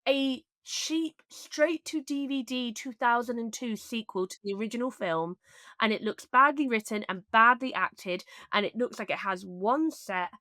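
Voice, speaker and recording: Bright-voiced woman podcast co-host, blunt and sweary, dry close sound. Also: mid-range voice, dry recording. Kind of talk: casual chat.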